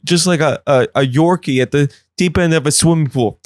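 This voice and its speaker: A young man hosting a podcast, telling comic stories in an animated way. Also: fairly high pitch, moderate pace, no echo, studio quality. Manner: animated, swings into silly voices. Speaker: podcast host. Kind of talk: comedic storytelling.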